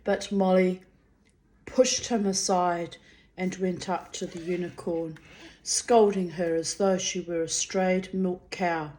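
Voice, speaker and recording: A woman reading a fantasy novel aloud in a slow, measured, gentle voice. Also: on the low side, steady tone, slight background noise. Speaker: reader. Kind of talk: audiobook narration.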